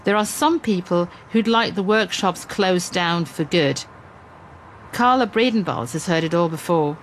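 A woman reporter and presenter narrating a scripted radio documentary in a measured, clear way. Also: fairly low pitch, slight background noise.

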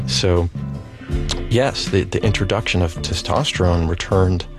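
A man giving reflective personal testimony in a halting, thoughtful way, with many pauses. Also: sits low, over music. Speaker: interviewee.

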